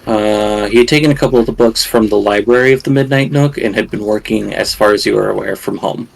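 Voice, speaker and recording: Male game master, gravelly voice, hesitant, filler-heavy narration. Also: fairly low pitch, fast. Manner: hesitant, searching for words.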